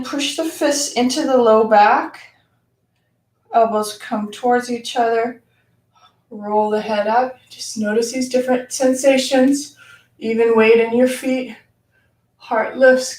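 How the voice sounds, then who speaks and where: A woman guides a yoga class in a slightly high voice at an unhurried pace, a little out of breath as she demonstrates. She sighs between cues. The sound is roomy and distant, picked up by a camera mic some way off. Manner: slow, calm cueing with audible sighs. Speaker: yoga instructor. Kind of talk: live-streamed yoga class instruction. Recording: echoey room, voice from far off.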